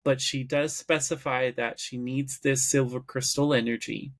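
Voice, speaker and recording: A man co-hosting a podcast, slowly walking through a cartoon episode's plot in casual chat. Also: mid-range voice, steady tone. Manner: slow, explanatory, recaps plot at length. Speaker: podcast co-host.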